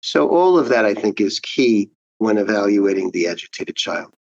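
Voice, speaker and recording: Low-voiced man, dull dry recording. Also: expressive, a little mellow, no room sound. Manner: measured, explanatory. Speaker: child psychiatrist guest. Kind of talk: interview answers.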